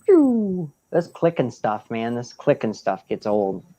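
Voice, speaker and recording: A man's voice: mid-range voice, huge pitch swings, slow, warm tone. Male host, casual live-stream chat, easygoing.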